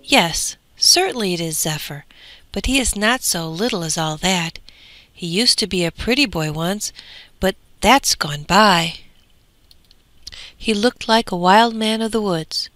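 Lady doing a bossy old wind mother, bright sharp voice, dry close sound. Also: medium pitch, animated, unhurried, dry recording. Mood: stern. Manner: scolding, firm. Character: old mother of the winds, stern and commanding.

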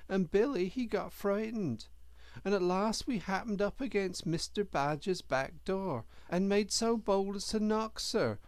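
A man's voice: sits high, no room sound, pitched above the performer's own voice. A man voicing a young male hedgehog, timid and polite, speaking in a humble country dialect and calling everyone sir.

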